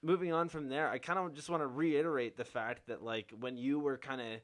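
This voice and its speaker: A man's voice: medium pitch, steady tone, a little fast. A young man hosting a podcast in casual chat, laid-back, peppering his talk with swearing and fillers. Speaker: podcast host.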